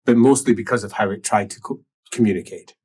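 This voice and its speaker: A man narrating a tabletop role-playing game as game master, in a musing way that drops to soft murmurs. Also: on the low side, quick pace, husky.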